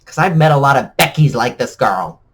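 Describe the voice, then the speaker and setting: A man's voice: medium pitch, expressive, brisk, slightly rough. A man ranting bitterly and sarcastically to camera in a vlog. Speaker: vlogger. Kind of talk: emotional rant to camera.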